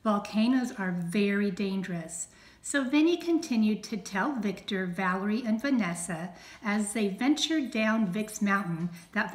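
A woman teacher reading a storybook aloud to young children, stressing sounds slowly and clearly. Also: mid-range voice, reverberant, poor audio.

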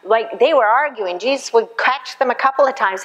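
A woman's voice: fairly high pitch, normal speed, a bit bright. Woman preaching in a reverberant church. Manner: conversational, acts out little quoted voices. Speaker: pastor. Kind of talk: sermon. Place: church hall. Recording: long hall reverb in a church.

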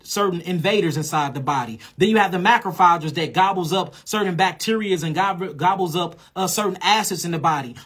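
Husky high-voiced man giving a health lecture. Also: fairly bright tone. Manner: emphatic, instructive, blunt and profane. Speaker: holistic health teacher.

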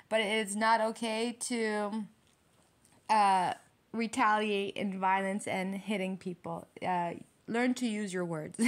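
A woman giving a casual tarot reading to camera, blunt and profane, repeating phrases for emphasis. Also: medium pitch. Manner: breaks into laughter. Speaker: tarot reader.

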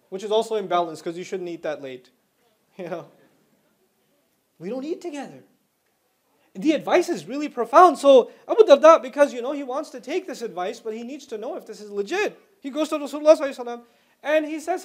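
A man giving an Islamic lecture to students, telling stories in a conversational way and reciting Arabic phrases quickly. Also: very high-pitched, lively intonation.

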